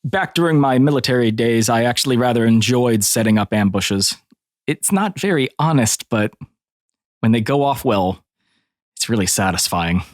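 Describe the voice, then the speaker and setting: Man doing an ex-soldier paladin, polite and formal, lively pitch, dry sound. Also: moderate pace, no echo, lightly acted. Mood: pleased. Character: former soldier turned paladin, man, proud ambush planner. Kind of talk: tabletop role-play in character.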